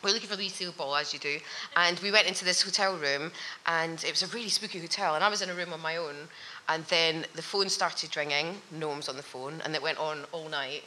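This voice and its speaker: A woman chatting casually as a podcast guest, telling animated stories and laughing often. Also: low-pitched, fast, rough recording. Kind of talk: casual chat. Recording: noticeable background noise.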